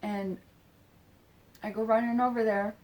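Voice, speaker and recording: A woman telling a personal story in a casual, halting way, full of fillers and swearing, acting out quoted lines and sometimes dropping to a whisper. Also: fairly high pitch, little pitch movement, a little mellow, poor audio.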